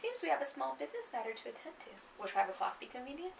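Woman teacher reading a smooth male gangster-businessman, unhurried and quietly menacing, gravelly tone, distant in a roomy space. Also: sits high, sing-song, slight background noise, voice pushed up, exaggerated voice. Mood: coolly polite. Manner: polite, cool and threatening.

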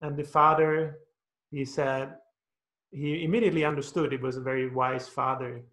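A man's voice: mid-range voice, steady tone, normal speed, fairly bright tone. Man giving a dharma talk. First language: Dutch. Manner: patient, explaining with stories and many "uh"s. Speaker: Buddhist meditation teacher. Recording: roomy echo.

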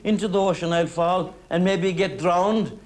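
A man's voice: high-pitched, unhurried. A man with an Irish accent voicing a naive, anxious countryman who frets in a raised voice. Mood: alarmed. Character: excitable naive Irish countryman, fretful dreamer.

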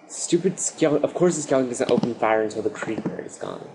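A man commentating his own survival game play, excitable, talking to the mobs and breaking into loud outbursts. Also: medium pitch, a little fast, gravelly, few pauses, noisy background. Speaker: gaming commentator. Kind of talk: Minecraft let's play commentary.

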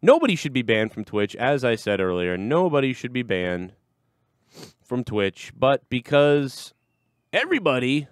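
A man's voice: mid-range voice, very animated, unhurried, smooth, dry recording, studio quality. A man hosting a livestream show, talking casually and crudely, rambling and swearing often. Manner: rambling, crude, swears a lot, acts out voices.

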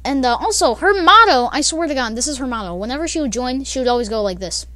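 A woman's voice: sits high, expressive, quick pace, pushed and bright, dry recording. A young woman telling a casual storytime, rambling with many fillers and laughs. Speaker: vlogger.

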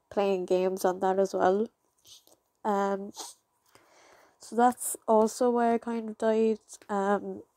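Young woman, casual vlogger, rambling, teary, dry sound, middle pitch. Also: mellow, no echo. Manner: rambling, halting, with many fillers and restarts. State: fighting back tears. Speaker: channel creator. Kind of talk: casual vlog talk to viewers.

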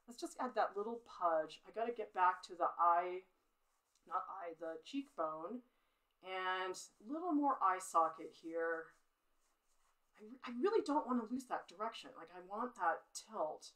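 A woman's voice: mid-range voice, big pitch swings, moderate pace, poor audio. A middle-aged woman art teacher giving a live-streamed drawing demo, chatty and self-critical as she talks through her work and laughs at her own mistakes.

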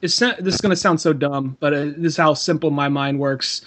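Telling meandering stories on a podcast he co-hosts, a man with a fairly bright voice on the high side speaks fairly quickly. The chat is casual, full of free swearing and frequent laughter.

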